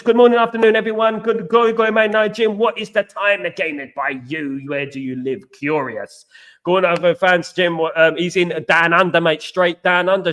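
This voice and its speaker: Bloke hosting a footy live stream, slightly high voice, chatty, big-ups his viewers one by one. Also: level tone, moderate pace, a bit bright. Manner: chatty, greets viewers by name, keeps repeating stock phrases. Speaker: football channel host. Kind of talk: live stream chat answering viewer comments.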